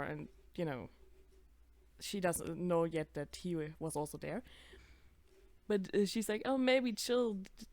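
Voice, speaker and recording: A woman's voice: lowish voice, a little mellow, no room sound. A woman in her twenties giving casual reaction commentary, chatty, swearing freely and laughing at herself. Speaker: video creator.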